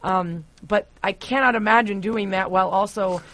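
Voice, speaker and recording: A podcast host in casual interview chat, chatty and expressive. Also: mid-range voice, moderate pace.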